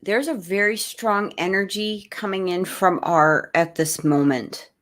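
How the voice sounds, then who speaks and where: Woman psychic reader, soft and meandering delivery, live-stream read. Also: medium pitch. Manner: gentle, halting, many restarts.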